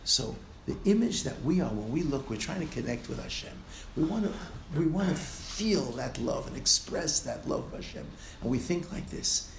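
Animated rabbi, gravelly and echoey. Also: male voice, a little high, moderate pace. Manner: animated, rising to exclamations and trailing into soft asides, laughing at times. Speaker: rabbi giving a Torah lecture. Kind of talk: Torah lecture. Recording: echoey room with faint noise.

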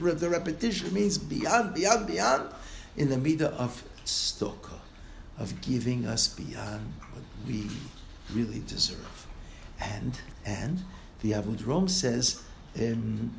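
Animated rabbi, gravelly and echoey. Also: male voice, mid-range voice, a little slow. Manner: animated, rising to exclamations and trailing into soft asides, laughing at times. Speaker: rabbi giving a Torah lecture. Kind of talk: Torah lecture. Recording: echoey room with faint noise.

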